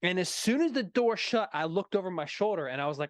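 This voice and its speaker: A man's voice: sits high, expressive, fast, dry recording. A man in his thirties co-hosting a movie stream, telling a story in casual chat with profanity and frequent laughter. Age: 30s. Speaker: co-host.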